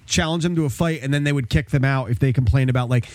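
A man co-hosting a podcast in relaxed casual chat, dry humor and frequent laughs. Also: medium pitch, quick pace, no echo. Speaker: podcast co-host.

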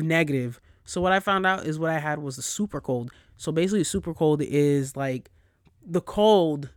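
Male solo podcaster, a touch high, cussing, animated, close and dry. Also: dry recording. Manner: profane, animated storyteller. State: recovering from a cold. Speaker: podcast host. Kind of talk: casual solo podcast rant.

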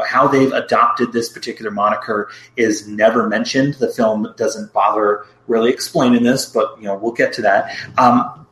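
A man's voice: mid-range voice, fairly bright tone, reverberant, low-quality recording. A man casually reviewing a film with a co-host, recapping the plot with frequent restarts and asides.

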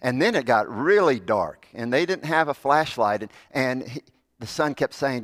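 A man preaching a sermon as a Methodist pastor, telling stories earnestly, building up and then dropping soft. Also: mid-range voice, expressive, normal speed, no echo, studio quality. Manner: earnest storytelling, swells louder in stories then drops soft.

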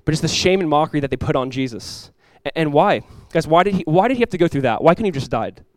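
A young man preaching a sermon, storytelling with animated asides. His voice sits a little high and moves at a rapid clip. The sound is close and dry. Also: dry recording. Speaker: pastor.

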